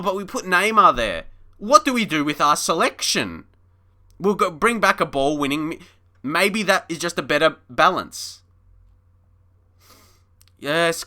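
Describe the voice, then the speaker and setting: Laughing and chatting with his viewers, a man casually commentates a live stream of a football management game, putting on mock frustration. His voice runs high with a sharp tone.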